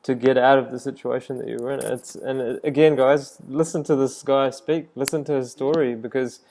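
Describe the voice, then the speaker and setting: A man's voice: medium pitch, steady tone, fairly quick, gravelly, darkish tone, slight background noise. Encouraging male interview host. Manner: encouraging, addresses viewers directly. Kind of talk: interview chat.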